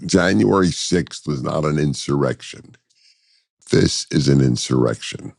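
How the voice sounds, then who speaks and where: A man with an extremely low, gravelly voice talks at an unhurried, measured pace. He answers as a guest in an interview, deliberate and full of pauses and restarts. The sound is close and dry. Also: a little mellow, no room sound. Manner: deliberate, with frequent hesitations and restarts. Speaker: guest commentator.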